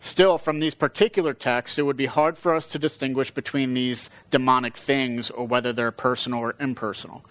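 Bible teacher, male, mid-pitched, dry studio-close voice, steady explanatory reads. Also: a little fast, few pauses, dry recording, low-quality recording. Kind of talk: reading scripture aloud with commentary.

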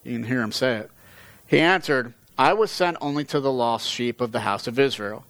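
A man teaching from the Bible, reading passages aloud at a measured pace and explaining them. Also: mid-range voice, a bit bright, dry recording, poor audio. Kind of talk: reading scripture aloud with commentary.

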